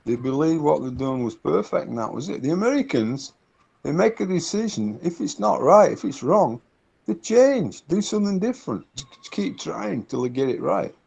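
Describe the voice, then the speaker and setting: A man's voice: a little high, sing-song, normal speed, vocal fry, a little mellow, husky. A middle-aged man, a consultant, talking casually in an interview, telling anecdotes and often repeating words as he searches for them. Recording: dull lo-fi recording.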